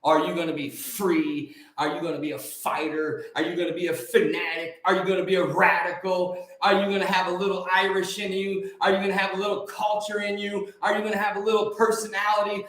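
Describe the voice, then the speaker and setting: A man preaching on a live stream, answering viewer comments with fervent, repetitive talk that swings from loud declarations to soft asides. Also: high voice, flat delivery, fairly quick, hardly any pauses, heavy reverb.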